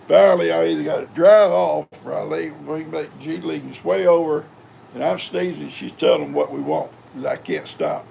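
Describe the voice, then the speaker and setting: A man's voice: a little high, sing-song, normal speed, creaky, darkish tone, a little hiss or hum. An older man, hosting a live stream in a rambling, folksy chat and talking to his cats. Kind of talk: casual chat.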